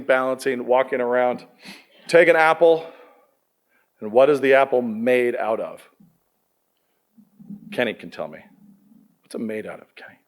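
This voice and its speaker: Lively man preaching to students. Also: mid-range voice. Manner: lively, conversational, quizzes the audience. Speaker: pastor. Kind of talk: sermon to students.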